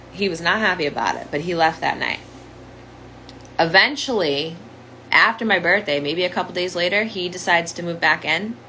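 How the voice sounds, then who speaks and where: A young woman with a sharp, low-ish voice candidly shares her own story as a domestic violence survivor. The audio is poor, with slight background noise, and her conversational monologue is full of "like."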